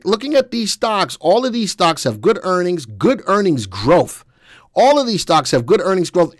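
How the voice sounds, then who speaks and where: A man hosting a live stock analysis webcast, walking viewers through charts with energetic, folksy commentary. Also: a little high, dry recording, clean studio sound. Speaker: stock market analysis host.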